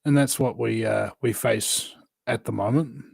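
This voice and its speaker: A New man talking as a guest, voice of medium pitch. He rambles and presses his points with lots of fillers and restarts. The sound is close and dry, with no room around it. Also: measured pace, gravelly, husky, no room sound. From New Zealand. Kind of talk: casual conversation.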